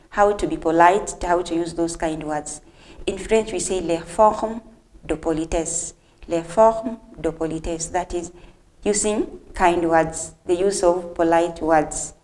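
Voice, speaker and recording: A woman hosting a televised language lesson, speaking directly to the viewers and repeating phrases slowly for learners. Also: fairly low pitch, a little mellow. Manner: friendly, addresses viewers directly. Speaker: host and French teacher.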